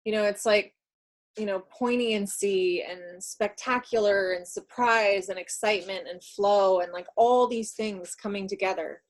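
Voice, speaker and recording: A woman's voice: medium pitch, fairly even intonation, a little slow. Easygoing woman reading a tarot card. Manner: warm, reflective, talks through ideas with fillers. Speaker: co-host and card reader. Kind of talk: casual live-stream chat.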